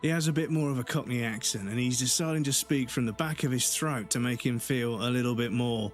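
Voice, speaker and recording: A man with a southern English, Received Pronunciation accent talks casually to his stream audience. His voice sits at a middling pitch, and his talk is loose and profane. He trails off into fillers and restarts his sentences. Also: fairly quick, faint music behind. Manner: chatty, swears freely, many fillers and restarts. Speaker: game streamer. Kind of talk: casual live-stream chat.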